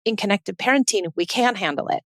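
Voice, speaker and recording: A woman's voice: medium pitch, fairly quick, a bit bright, no room sound, studio quality. A woman, hosting a parenting podcast in an earnest, emphatic monologue that keeps repeating her points.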